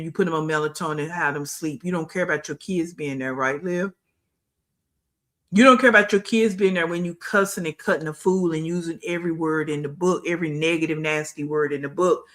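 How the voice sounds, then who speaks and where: A woman's voice: lowish voice, a bit bright. Blunt, scolding woman streamer. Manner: blunt, scolding, repeats phrases for emphasis; greets and talks to live chat. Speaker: livestream commentary host. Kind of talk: reaction livestream commentary.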